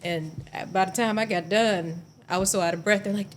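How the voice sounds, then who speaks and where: A woman guest on a podcast, telling stories in a lively, laughing way during a casual chat. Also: medium pitch, moderate pace, a little hiss or hum. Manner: animated storyteller, laughs often. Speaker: guest actress. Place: podcast studio.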